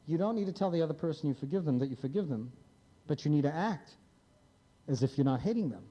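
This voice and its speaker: Blunt, wry man lecturing, lively pitch. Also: quick pace, highs cut off. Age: 50s. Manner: blunt, wry, prods the audience with questions. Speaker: psychiatrist lecturer. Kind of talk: live lecture to an audience. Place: lecture hall with live audience.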